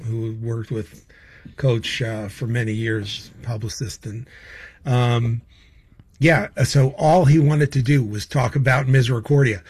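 A man's voice: mid-range voice, fairly even intonation, measured pace, a little mellow, breathy edge. A man telling stories as a guest in a casual chat, rambling with many fillers and laughing as he goes. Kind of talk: casual anecdotal storytelling.

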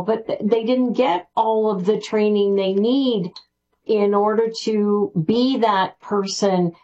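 Slow-speaking woman guest on a dull line. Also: medium pitch. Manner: excited, rambling with restarts. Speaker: spiritual author guest. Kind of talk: interview answers.

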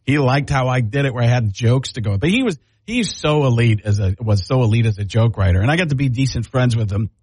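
A man's voice: medium pitch, animated, fast, hardly any pauses, a little mellow, husky, no echo. A man, a comedian and impressionist, chatting casually in an interview, rambling with restarts. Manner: rambling, with restarts, slipping into voices.

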